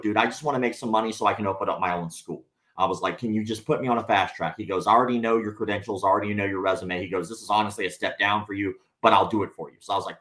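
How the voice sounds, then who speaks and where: A man telling a story on a podcast in casual chat, animated and profane, acting out the people he quotes. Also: on the low side. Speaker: podcast guest.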